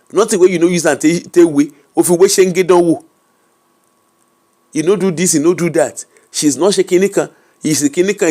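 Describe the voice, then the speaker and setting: A woman with a Nigerian accent, an interview guest telling a personal story candidly, animated and emphatic, slipping Pidgin and Yoruba into her English. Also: low-pitched.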